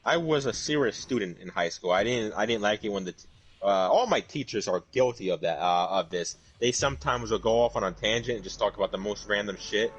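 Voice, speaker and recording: A man's voice: on the low side, brisk, husky, lo-fi sound. A man chatting casually on a gaming talk show, hesitant with lots of fillers. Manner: hesitant, many fillers and restarts. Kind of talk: casual chat.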